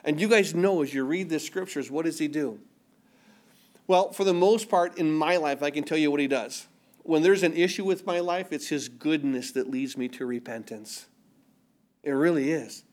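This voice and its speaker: Middle-aged guy preaching, kinda high voice, earnest, repeats himself, goes loud then real quiet. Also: moderate pace. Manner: earnest, repeats words, swings between loud emphasis and hushed quiet. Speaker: pastor. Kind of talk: sermon.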